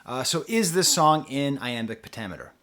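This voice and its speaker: A man's voice: mid-range voice, very animated, moderate pace, fairly bright tone. A young man talking through an album review off the cuff, with rambling asides and self-interruptions. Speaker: music reviewer. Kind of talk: casual unscripted review.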